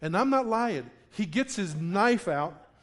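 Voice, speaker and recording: A pastor preaching to a congregation, telling a funny story with acted-out quotes before turning to the lesson. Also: male voice, sits high, unhurried. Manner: animated storyteller, acts out quotes with laughter. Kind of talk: sermon with a personal story. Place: church in front of a congregation.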